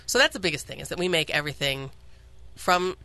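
Bright-voiced, chatty ice cream shop owner. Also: mid-range voice, lively intonation, brisk, dry recording. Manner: chatty, enthusiastic, many fillers. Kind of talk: radio interview guest. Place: radio studio.

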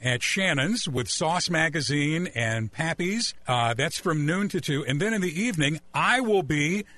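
A man's voice: on the high side, animated, unhurried, bright, forceful tone. A male radio host leading a live interview and reading announcements in an upbeat, friendly way. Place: radio studio. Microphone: studio mic.

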